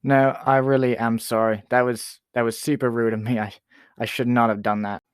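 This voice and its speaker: A man hosting a comedy talk show sketch, chatty and quick to apologize. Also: mid-range voice, level tone, clear, resonant tone, no room sound.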